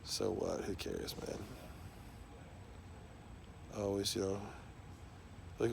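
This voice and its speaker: Guy rambling and cussing nonstop, lots of like and you know, low gravelly voice. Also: sing-song, slow pace, long pauses, a little mellow, a little hiss or hum. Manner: rambling, heavy swearing, many fillers and restarts. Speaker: rambling monologue speaker. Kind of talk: casual rambling monologue.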